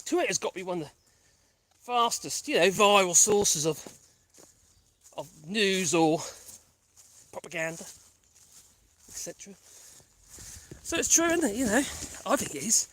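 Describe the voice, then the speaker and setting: A woman's voice: medium pitch, sing-song, a little slow, pauses often, fairly bright tone. A woman vlogging casually on a country path, rambling and chatty while out of breath. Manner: rambling, chatty, laughs often. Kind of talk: casual chat while walking.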